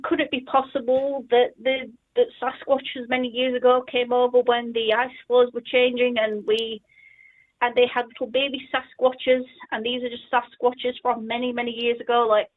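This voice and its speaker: A woman calling in to a radio show, chatting eagerly and thinking out loud. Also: fairly high pitch, flat delivery, normal speed. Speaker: caller. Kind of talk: casual chat on a call-in show. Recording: tinny phone line.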